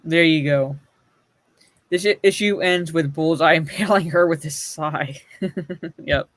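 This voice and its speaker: A man's voice: on the high side, unhurried, long pauses, a bit bright, dry recording. Sarcastic man in casual commentary. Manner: sarcastic, reads comic panels aloud, swears. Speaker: podcast co-host.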